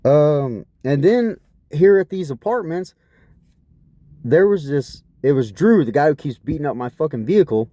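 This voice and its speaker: A man's voice: fairly high pitch, expressive, moderate pace, mellow, dry recording. A man telling a rambling personal story in an aggrieved, profane way, asking again and again what is wrong with people. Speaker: vlogger.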